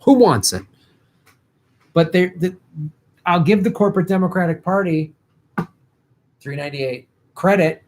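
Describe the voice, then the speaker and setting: A man's voice: sits high, normal speed, long pauses, a little hiss or hum. Tired, worn-voiced man hosting a livestream. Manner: rambling, chatty, swears casually. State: tired, losing his voice. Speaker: host. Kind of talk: casual livestream political commentary.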